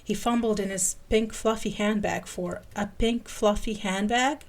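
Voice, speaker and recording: A woman's voice: mid-range voice, fairly even intonation, unhurried. A woman podcast host giving a playful dramatic reading of fan fiction.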